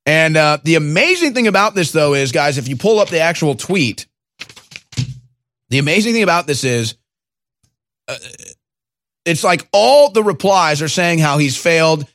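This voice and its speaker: A man's voice: on the high side, expressive, moderate pace, fairly bright tone, dry recording, clean studio sound. A man hosting a political talk show, sarcastic and scornful, often stammering into restarts. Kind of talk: casual political commentary.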